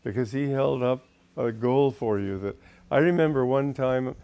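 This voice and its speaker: A man's voice: medium pitch, normal speed, dark tone, clear, resonant tone. An older man, a spiritual teacher, telling wry anecdotes from his past to an audience and laughing at his own stories. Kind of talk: reminiscing talk to an audience.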